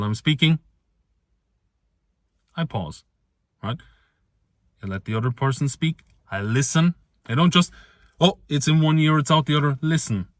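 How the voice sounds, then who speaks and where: A man delivers a fired-up motivational rant straight to camera, hammering each point home by repeating it and dropping the odd swear word. His voice sits at a middle pitch. The recording is close and dry, with no room echo. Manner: energetic, emphatic, repeats phrases; swears casually. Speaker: online business vlogger.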